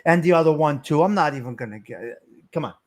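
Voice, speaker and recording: A middle-aged man hosting a live stream rants in a heated, profane way, fired up and shouting out to his chat. His voice sits on the high side, animated and fast.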